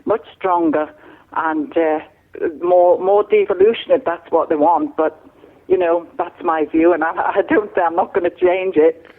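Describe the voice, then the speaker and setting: A woman's voice: fairly low pitch, fairly even intonation, a little slow. A woman with a northwest English accent, answering a call and stating her view firmly and politely. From northwest England. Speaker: caller. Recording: tinny phone line.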